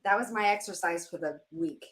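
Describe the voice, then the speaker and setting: A woman's voice: lowish voice, brisk, background noise. A woman hosting a show, telling a story in casual chat and laughing at herself as she goes. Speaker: podcast host.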